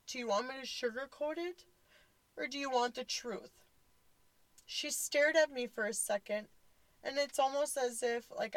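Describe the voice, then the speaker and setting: A woman's voice: mid-range voice, dry recording, rough recording. A woman in her forties telling a personal story, blunt and candid, fighting back tears. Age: 40s. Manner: blunt, candid, swears casually. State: tearful, voice close to crying.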